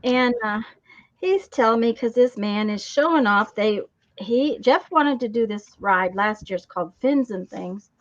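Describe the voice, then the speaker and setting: A chatty woman with a slightly high voice hosts a relaxed crafting stream. She rambles through her stories with fillers and self-corrections. The sound is dull and a bit lo-fi. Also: a little slow. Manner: rambling storytelling with many fillers and restarts. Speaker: craft channel host. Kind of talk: casual live-stream chat while crafting.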